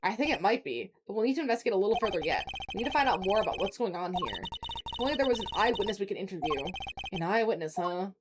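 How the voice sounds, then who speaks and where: A woman voicing a composed, formal male prosecutor, speaking in a lowered, measured tone. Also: expressive, very noisy, close to an everyday voice. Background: game music.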